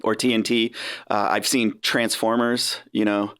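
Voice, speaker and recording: A man's voice: fairly low pitch, level tone, measured pace, a bit bright, smooth, no echo, studio quality. A man with an American accent hosting a podcast, casual and meandering, laughing often. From United States. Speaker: podcast host. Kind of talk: casual interview chat.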